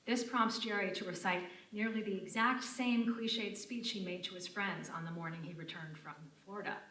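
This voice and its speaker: A woman with a fairly low, bright, forceful voice reads a prepared academic lecture in a measured, formal way. She sounds distant from the mic, in a roomy university lecture room. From United States (Connecticut). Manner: measured, formal delivery of written prose. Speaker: lecturer presenting a paper.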